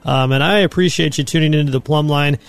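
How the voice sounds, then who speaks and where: Folksy male host closing a talk show, slightly high, dry sound. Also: steady tone, fast, creaky, dry recording. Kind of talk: casual talk radio wrap-up.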